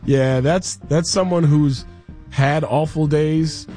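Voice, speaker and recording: A man's voice: a little high, fairly even intonation, slow pace, mellow, soft background music. A man hosting a sports talk radio show, reading news and adding wry, incredulous commentary. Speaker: radio host.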